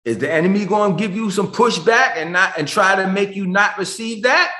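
A man preaching a sermon as pastor over a video call, emotional, swinging between shouted questions and low, quiet lines. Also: brisk, reverberant.

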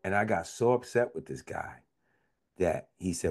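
A man preaching a sermon in a conversational, vernacular style. He repeats phrases and swings between high shouts and low, confiding murmurs. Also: lively intonation, normal speed.

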